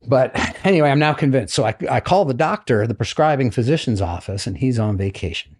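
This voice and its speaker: Brisk and mid-range, the voice belongs to a middle-aged American retired naval flight officer appearing as a podcast guest. He's an animated storyteller, casually recounting his experiences and performing the quoted voices of others.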